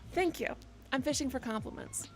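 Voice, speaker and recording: A woman's voice: sits high, brisk, soft background music. A young woman streaming from her bedroom, rambling, joking and swearing a lot as she chats. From United States. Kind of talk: casual live-stream chat.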